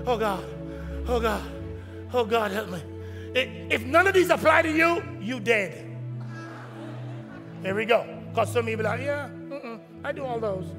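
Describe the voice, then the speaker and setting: Preacher man, very high voice, gravelly edge, long church reverb, faint music behind. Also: animated, measured pace, long pauses. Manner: preaching, leads the congregation in responsive prayer. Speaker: pastor. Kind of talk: sermon. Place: church sanctuary.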